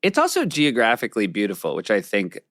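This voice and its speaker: Guy cohosting, low-ish voice that bounces around a lot, dry jokes, dry close mic. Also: huge pitch swings, quick pace, a bit bright, no room sound. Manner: wry, joking. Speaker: co-host. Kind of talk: casual podcast conversation.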